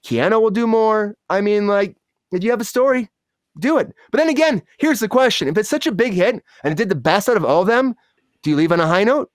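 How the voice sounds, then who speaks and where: A man's voice: high voice, expressive, fairly quick, no echo, studio quality. A man hosting a casual entertainment chat, talking things through and asking his co-hosts for their opinions. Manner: chatty, prompts others for opinions. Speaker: podcast host.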